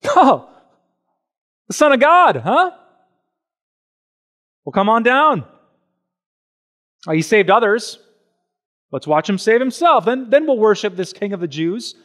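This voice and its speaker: A man putting on sneering, high-pitched mockers. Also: very animated, slow, long pauses, full character voice. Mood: mocking. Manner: loud, high, scornful taunting. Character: sneering male mockers taunting a dying man.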